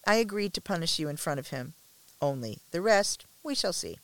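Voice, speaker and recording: A woman reading the lines of a cool, amused man, a stern master, in a slow, musing and drily teasing manner. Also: fairly low pitch, lively intonation, a bit bright, no echo, low-quality recording.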